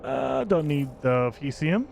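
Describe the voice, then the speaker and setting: A man's voice: fairly high pitch, very animated, measured pace, vocal fry, darkish tone, faint music behind. A man live-streaming a video game, talking casually with viewers in loose, rambling commentary.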